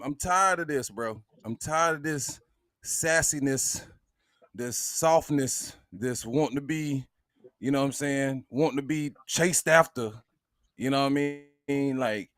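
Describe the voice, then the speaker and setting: A man's voice: a little high, fairly bright tone, no room sound, clean studio sound. A man hosting a casual podcast, talking animatedly and repeating words as he builds his point. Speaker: podcast host.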